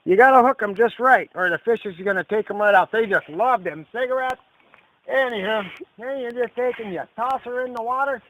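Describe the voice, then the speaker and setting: A man hosting an ad-libbed mock fishing show outdoors by a river, rambling in a deadpan way with lots of fillers. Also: very high voice, brisk, noisy background. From Texas. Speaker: comedy fishing show host. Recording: lo-fi camcorder audio outdoors.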